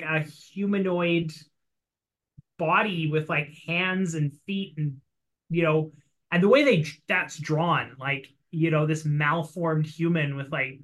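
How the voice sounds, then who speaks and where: A man in casual chat about a comic he read, retelling scenes in a rambling, animated way with lots of fillers. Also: fairly high pitch, rough recording.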